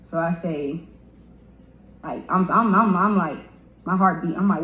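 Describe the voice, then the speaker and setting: A woman's voice: on the low side, unhurried, a bit bright, dull audio. A young woman telling a story on a livestream, stumbling and repeating words as she gets upset. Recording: roomy echo.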